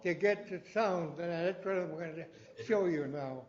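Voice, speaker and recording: An older man leading a language class, patiently repeating words slowly with a chuckle now and then. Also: fairly high pitch, darkish tone. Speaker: language teacher. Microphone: hearing aid mentioned; plain mic. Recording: dull lo-fi broadcast sound.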